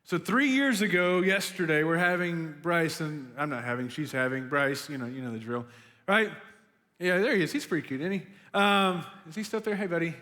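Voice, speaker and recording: A man's voice: on the high side, fairly quick. A young man giving a casual, chatty sermon to students, full of "like" and "right?", as a youth pastor. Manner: chatty and animated, lots of "like" and "right?". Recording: long hall reverb.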